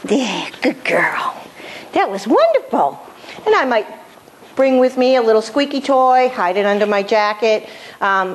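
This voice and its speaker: A woman's voice: mid-range voice, darkish tone. A middle-aged woman dog trainer giving an instructional demonstration, explaining each step and checking in with her listeners.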